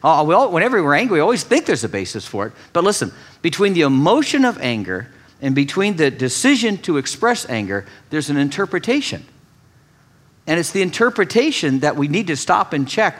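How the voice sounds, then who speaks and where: A man preaching a sermon, reading scripture and then teaching with animated, mocking paraphrases. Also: high-pitched, normal speed. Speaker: pastor.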